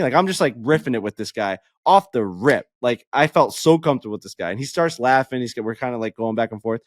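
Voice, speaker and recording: A man co-hosting a podcast, telling a story in casual chat, animated and profane, acting out the people he quotes. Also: medium pitch, fast talker, hardly any pauses, no echo, studio quality. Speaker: podcast co-host.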